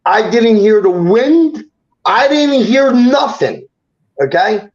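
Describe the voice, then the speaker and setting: Gravelly man telling a hard story. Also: high voice, very animated. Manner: rapid, halting retelling with many restarts and quoted dialogue. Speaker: guest telling a personal story. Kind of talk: emotional storytelling on a talk show. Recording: dull lo-fi show audio.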